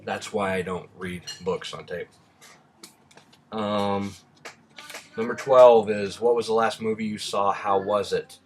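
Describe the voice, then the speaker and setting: A man's voice: lowish voice, fairly even intonation, slow, pauses often, slight background noise. A man from Rhode Island with a slight Southern drawl chats casually and bluntly, answering questions with lots of ums. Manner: rambling and blunt, with many ums. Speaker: vlogger.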